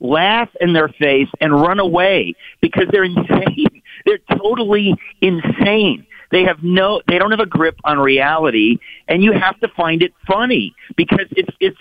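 A middle-aged man calls into a talk show, his voice squeezed into a narrow, tinny phone band with no room sound at all. He talks emphatically and mockingly, his tone sitting a bit high for a man. He runs on in animated bursts. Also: normal speed, dry recording. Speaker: guest author. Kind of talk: radio talk show commentary.

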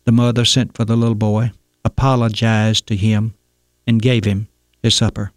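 A man's voice: fairly low pitch, flat delivery, moderate pace, no echo, clean studio sound. Man telling a folksy radio story. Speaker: radio commentary host. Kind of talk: scripted radio commentary, storytelling.

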